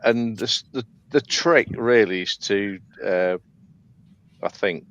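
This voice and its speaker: A man talks hobby shop with friends over a video call, unhurried and full of ums and restarts. His voice sits a little low and the sound is dry and close. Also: fairly bright tone, dry recording, dull audio. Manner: hesitant, many ums and restarts. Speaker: scale modeller on a live panel. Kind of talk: casual chat.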